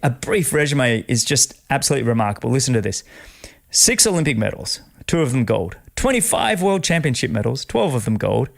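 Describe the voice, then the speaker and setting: A man's voice: medium pitch, a little fast, gravelly. A middle-aged Australian man hosting a podcast interview, telling stories with enthusiasm. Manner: enthusiastic, animated storytelling. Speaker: podcast host. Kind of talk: casual interview chat.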